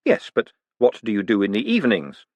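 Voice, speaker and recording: A man voicing a smooth, quick-witted male con man who talks in a wry, teasing way. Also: fairly low pitch, wildly swooping pitch, no echo, dull audio.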